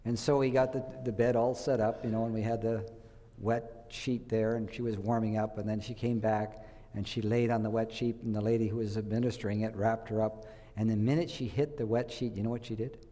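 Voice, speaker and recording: A man's voice: fairly low pitch, little pitch movement, a little fast, warm tone, long reverb tail. A man giving a health talk to a church audience, telling stories and quizzing his listeners. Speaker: health speaker.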